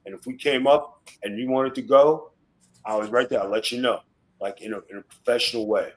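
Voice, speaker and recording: A man's voice: medium pitch, fairly even intonation, brisk, rough recording. A middle-aged man, a former wrestler and podcast guest, telling blunt, profane tough-guy stories in casual talk. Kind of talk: casual storytelling interview.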